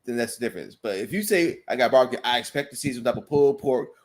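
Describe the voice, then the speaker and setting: A man's voice: medium pitch, animated, fast. A man in a casual podcast chat giving blunt, firm opinions.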